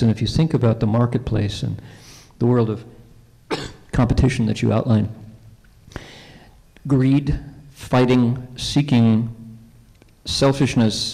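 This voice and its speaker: A male Buddhist monk speaks at a conference, casual and conversational, often turning to the audience with questions. His voice sits at an ordinary middle pitch. Long reverb from a large convention hall hangs on every word. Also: gravelly, mellow. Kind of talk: conference Dharma talk with storytelling.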